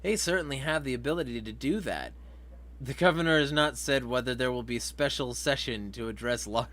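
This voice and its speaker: A man's voice: mid-range voice, a little fast, fairly bright tone. Profane, laughing man hosting a livestream. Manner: profane, laughing, reads chat comments aloud. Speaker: vlog host. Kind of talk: casual livestream commentary.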